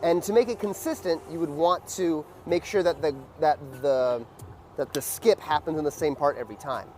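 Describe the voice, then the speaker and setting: A man teaching a dance lesson in a loose, casual way, with many fillers and beat sounds like "boom.". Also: normal speed, darkish tone, slight background noise.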